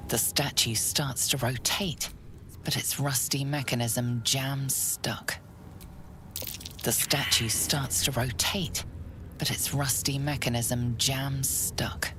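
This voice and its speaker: A woman voicing the calm narrator of a fantasy video game, speaking in a measured, hushed storyteller manner. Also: rumbling low, noisy background. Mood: hushed, solemn. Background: game music.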